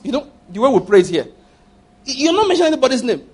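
A man preaching a sermon as a pastor, animated, repeating phrases and acting out prayers and dialogue. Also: sits high, racing, husky. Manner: repeats phrases and asks the audience for agreement.

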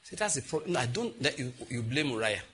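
A man with a Nigerian accent preaching a sermon, telling scripture stories with sudden animated exclamations. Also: medium pitch, fast, breathy edge.

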